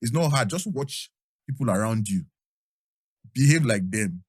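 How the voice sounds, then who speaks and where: A man's voice: medium pitch, measured pace, slightly rough, dry recording, studio quality. A man with a Nigerian accent, chatting animatedly as a podcast guest and laughing often. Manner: animated, laughing, asks "you understand?". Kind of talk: casual chat.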